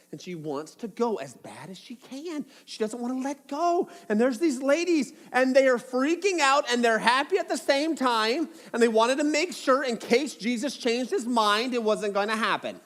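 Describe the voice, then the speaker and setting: High-voiced pastor preaching in a reverberant hall. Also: male voice, expressive, moderate pace, few pauses, a bit bright. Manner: casual, playful storytelling with acted asides. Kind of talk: sermon.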